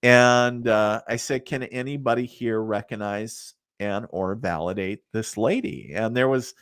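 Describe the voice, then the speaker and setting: A middle-aged man who works as a psychic medium is a guest on a podcast, telling rambling stories packed with fillers and laughing at his own tales. His voice is lowish, unhurried, a bit bright, clear and resonant. The recording is studio quality with no room sound.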